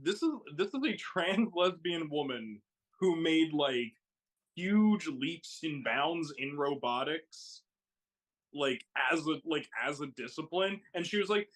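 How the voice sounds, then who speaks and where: A man's voice: a little high, animated, measured pace, a bit bright. A man chatting on a stream as co-host, eager and piling up "like" as he builds a point. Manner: enthusiastic, repeats "like" while building a point. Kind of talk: casual chat.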